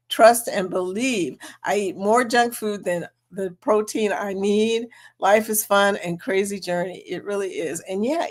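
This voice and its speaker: A woman hosting a casual livestream chat, reading viewer comments aloud and laughing often. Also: mid-range voice. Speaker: livestream host.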